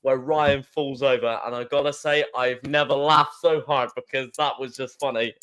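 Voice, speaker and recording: A man co-hosting a podcast, telling a story in an excitable way, laughing and restarting often. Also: medium pitch, normal speed, clear, resonant tone. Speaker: podcast co-host. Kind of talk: casual storytelling chat.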